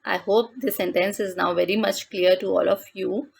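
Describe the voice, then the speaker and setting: A woman explains a beginners' French lesson in a voice-over, moving slowly and deliberately between French words and their English meaning. Her voice sits at a middle pitch with a gravelly, fry-edged texture. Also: fairly even intonation, a little hiss or hum. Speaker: French teacher.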